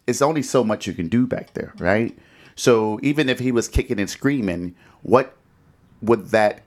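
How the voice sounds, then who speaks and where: Low-voiced man, earnest and measured. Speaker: podcast co-host. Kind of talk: casual discussion podcast.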